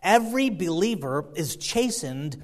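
High-voiced fervent male preacher. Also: very animated, measured pace. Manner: fervent, swings between loud emphasis and quiet asides. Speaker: pastor. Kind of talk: sermon.

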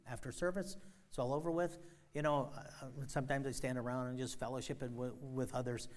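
A middle-aged man preaching a sermon as pastor, emphatic, with sudden loud rises and soft drops. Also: medium pitch, steady tone, brisk.

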